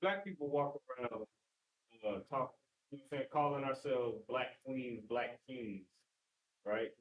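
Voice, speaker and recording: A man's voice: medium pitch, a little slow, highs cut off. Man speaking off-mic in an echoey room. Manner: loose and conversational, with filler phrases. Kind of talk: casual discussion.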